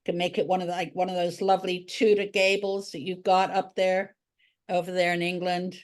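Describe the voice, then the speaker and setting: A woman's voice: lowish voice, little pitch movement, brisk. A woman art teacher giving a drawing tutorial, talking chattily and thinking aloud as she draws.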